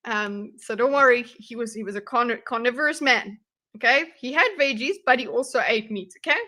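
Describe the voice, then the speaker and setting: A woman with a high, bright voice reacts on a livestream. She is chatty and wry and laughs often between remarks. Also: a little fast. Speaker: livestream commentary host. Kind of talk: casual reaction commentary.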